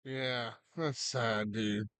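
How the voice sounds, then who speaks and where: A man's voice: mid-range voice, fairly even intonation, very slow, a bit bright, no echo. A man casually chatting on a live stream at home, rambling to his viewers and his dog beside him.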